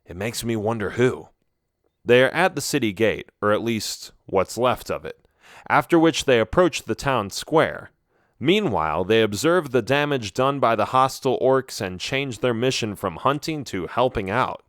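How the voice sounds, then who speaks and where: Male narrator for a kids' fantasy book, mid pitch, dramatic reads. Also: animated, normal speed, a bit bright, no room sound, clean studio sound. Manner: dramatic, emphatic storytelling. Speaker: audiobook narrator. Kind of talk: scripted storybook narration.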